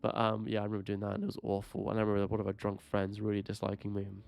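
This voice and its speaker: A man's voice: lowish voice, completely flat delivery, racing, vocal fry, darkish tone. A man co-hosting a casual podcast, rambling through stories, laughing often and swearing freely. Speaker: podcast co-host. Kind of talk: casual chat. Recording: dry with faint music.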